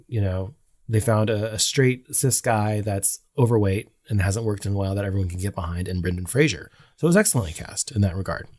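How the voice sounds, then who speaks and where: A man's voice: lowish voice, darkish tone. A man co-hosting a podcast in casual chat, rambling with many fillers. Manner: rambling, full of fillers and self-corrections. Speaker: podcast co-host.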